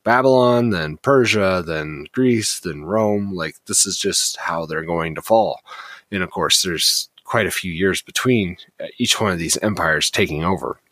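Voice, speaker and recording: A man co-hosting a casual Bible study podcast, explaining passages at length with lively paraphrases. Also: sits low, a little slow, dry recording. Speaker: podcast co-host.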